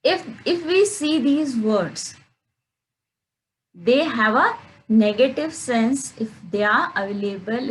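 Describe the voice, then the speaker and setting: A woman teaching a grammar lesson, explaining slowly and repeating words as she reads out examples. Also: on the high side, slight background noise, low-quality recording. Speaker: English teacher.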